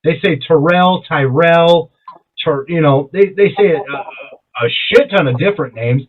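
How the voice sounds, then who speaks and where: A man's voice: normal speed, husky. A young man, a podcast co-host, chatting casually and swearing freely, telling stories with lots of energy. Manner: profane, animated storyteller who jumps high in pitch when quoting himself. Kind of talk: casual chat. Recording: tinny phone-like sound.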